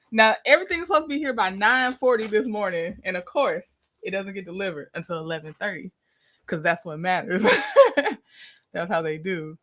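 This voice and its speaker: A woman's voice: mid-range voice, a bit bright, a little hiss or hum. A woman hosting a casual livestream, chatting, laughing often and greeting viewers by name. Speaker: livestream host.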